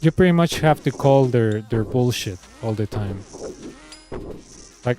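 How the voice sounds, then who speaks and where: A man's voice: mid-range voice, lively intonation, a little slow, pauses often, dark tone. A man with a Spanish accent, a game streamer ranting in sarcastic, exasperated commentary. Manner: sarcastic, exasperated, repeats himself.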